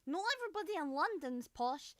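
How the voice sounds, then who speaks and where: A woman's voice: high voice, lively intonation, brisk, a bit bright, no echo. A woman in her thirties with an Edinburgh Scottish accent, reacting on stream in a chatty, exclamatory way with frequent swearing, speaking into a studio mic at home. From Scotland, Edinburgh. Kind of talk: casual reaction commentary. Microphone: Shure studio mic.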